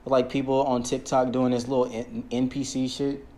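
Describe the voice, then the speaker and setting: A man's voice: medium pitch, level tone, moderate pace, darkish tone. A young man hosting a casual interview, laid-back and swearing freely. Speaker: podcast host.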